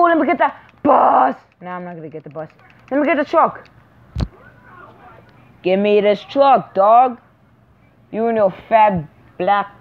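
A woman giving casual, excitable commentary while playing a game, chatting to herself and laughing often. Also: a little high. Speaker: gameplay commentator. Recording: tinny phone-like sound.

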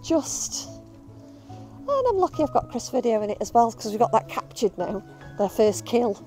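A woman's voice: a little high, big pitch swings, moderate pace, dark tone, soft background music. A woman, a bird of prey handler, chatting casually and affectionately while filming outdoors. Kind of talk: casual video update.

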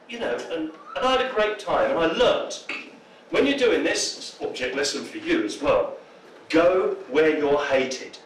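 A man's voice: a little high, very animated, normal speed, slight background noise. A man gives a jokey public talk to an audience in a pub function room, telling anecdotes and acting out the voices of the people in them. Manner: jokey storyteller, acts out quoted voices. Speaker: political speaker. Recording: roomy, distant mic, faint ambience.

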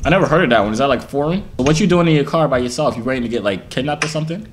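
A man's voice: mid-range voice, expressive, very fast, a crowd in the background. A man hosting a video chat prank, joking and playfully provoking strangers. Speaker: host of prank video chats. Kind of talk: casual teasing video chat. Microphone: phone or laptop on video chat app.

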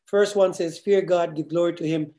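A man preaching a verse-by-verse sermon as pastor, often repeating words and asking "right?", slowing down to stress key phrases. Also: high voice, fairly even intonation, warm tone. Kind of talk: sermon teaching on scripture.

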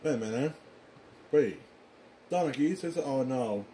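A man voicing an excitable young male character in an amateur fan drama, with fast, panicky exclamations. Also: mid-range voice, slight background noise, close to an everyday voice. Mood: panicked.

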